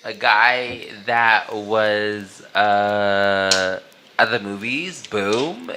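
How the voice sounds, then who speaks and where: A man guest on a casual podcast chat, talking animatedly and punctuating his stories with "boom" sound effects. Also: fairly even intonation, drawn-out words, noisy background. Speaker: teacher.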